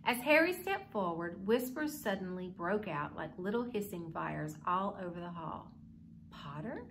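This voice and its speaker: A woman's voice: lowish voice, lively intonation, moderate pace, noisy background. A woman hosting a children's library club, reading a story aloud and showing a simple craft in an upbeat, kid-friendly way.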